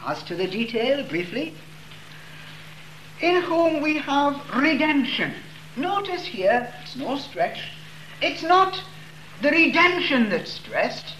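A male preacher delivers a slow, deliberate sermon, his pitch swinging high and low as he stresses each important word. The voice rings in a roomy church hall with a faint hum of room noise behind it. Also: sing-song, fairly bright tone. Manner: slow, emphatic reading of scripture with stressed words.

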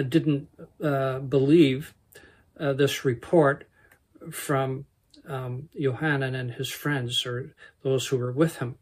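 A man teaching verse by verse through a Bible book, unhurried and halting, with many pauses and self-corrections. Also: mid-range voice, creaky.

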